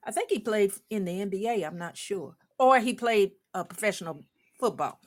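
An older woman, a former coach, telling a lively story on a talk show, laughing often and acting out the people she quotes. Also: mid-range voice, moderate pace. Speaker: guest, former women's basketball coach.

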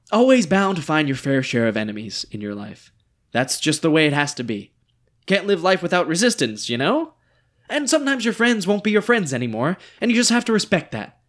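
A man's voice: a little high, sing-song, normal speed, a bit bright. A man reading the part of a ghostly dictator with a bullet wound, needy and melodramatic, in a stage play reading. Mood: brooding. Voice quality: theatrical, swinging between whimpers and outbursts.

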